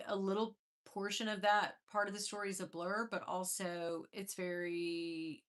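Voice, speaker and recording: A woman's voice: mid-range voice, fairly bright tone. A woman in her fifties hosting a live stream, chatting casually, greeting viewers by name and laughing often as she sets up a personal story.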